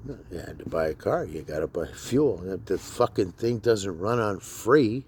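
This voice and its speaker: A man's voice: low voice, expressive, normal speed, slightly rough. A man and military veteran talking bluntly to camera in a rambling, profane monologue full of fillers.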